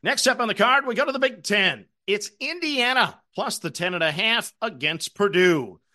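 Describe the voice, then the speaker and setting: A man's voice: high voice, lively intonation, moderate pace, sharp tone. A middle-aged man hosting a sports betting show, telling chatty, self-deprecating stories as he recaps losses and gives new picks.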